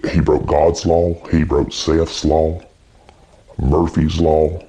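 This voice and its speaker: A man's voice: a bass voice, level tone, slow, dark tone, a little hiss or hum, heavily acted, low-quality recording. An actor playing an awkward, earnest adult man who stammers through a mock interview as someone's twin brother. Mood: rambling. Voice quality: creaky. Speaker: interview guest.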